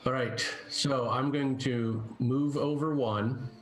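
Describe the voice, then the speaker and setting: Slow man in an echoey room. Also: mid-range voice, fairly even intonation, slight background noise. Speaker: player. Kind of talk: casual tabletop game play.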